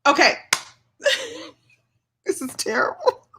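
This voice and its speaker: A woman's voice: extremely high pitch, sing-song, slow, background noise. A woman from New York hosting a live session, chatting playfully and often laughing as she plays an improv game with viewers. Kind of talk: lively live-stream chat with an improv game.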